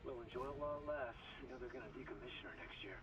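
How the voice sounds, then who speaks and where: An actor voicing a calm young male ship engineer, reassuring in a recorded message. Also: mid-range voice, racing, lightly acted. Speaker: game character in a recorded message. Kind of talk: video game voice acting. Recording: distant game audio with hiss.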